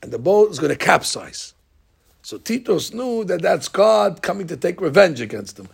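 A man teaching a Talmud class, telling stories in an animated way and acting out the lines. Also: high voice, normal speed, creaky, slightly rough. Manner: animated storyteller, acting out lines with rising shouts. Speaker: Torah teacher.

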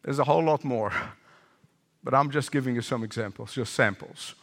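An older man preaching a sermon as pastor, animated, repeating phrases for emphasis and asking the congregation questions. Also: medium pitch, normal speed, big-room sound.

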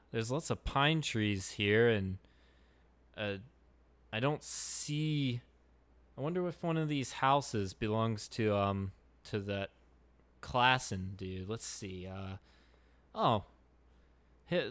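A man hosting a podcast and acting in an improvised comedy skit, talking in a rambling, hesitant way. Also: on the low side. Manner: hesitant and rambling, with many restarts and fillers. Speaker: podcast host.

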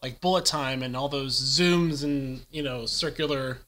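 A man's voice: medium pitch, measured pace, fairly bright tone, rough recording. A man co-hosting a casual podcast chat, talking animatedly and throwing in movie quotes with gusto. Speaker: podcast co-host.

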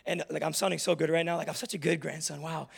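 Fast-talking young male pastor, high voice. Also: little pitch movement, gravelly, breathy edge. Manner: humorous, confessional storytelling. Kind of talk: sermon. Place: church.

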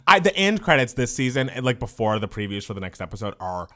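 A man co-hosting a podcast in casual chat, telling gossip in an animated way and mimicking people in mocking asides. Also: medium pitch, fast talker. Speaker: podcast co-host. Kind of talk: casual pop-culture chat.

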